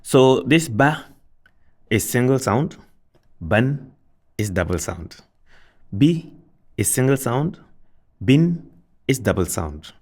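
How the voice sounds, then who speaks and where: A man's voice: mid-range voice, big pitch swings, takes it slowly, pauses often, a little mellow. A man teaching the Arabic alphabet in a recorded lesson, patiently repeating sounds and asking learners questions. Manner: asks rhetorical questions of students.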